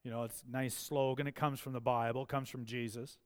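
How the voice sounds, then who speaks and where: A man preaching a sermon, emphatic and building to forceful peaks. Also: medium pitch, little pitch movement, a little fast. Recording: long church hall reverb.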